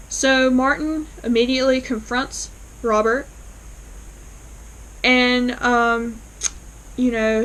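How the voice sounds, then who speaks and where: Woman gushing through an episode recap, chatty, voice a bit high. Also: poor audio. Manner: chatty, with fillers and quoted lines. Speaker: fan reviewer.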